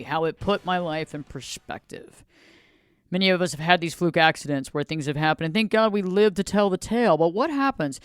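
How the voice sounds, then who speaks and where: Smooth-voiced man hosting a motivational podcast. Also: a little high, fairly quick, a bit bright, faint music behind. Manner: repetitive, preachy, builds lists of phrases. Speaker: podcast host. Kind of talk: motivational solo podcast talk.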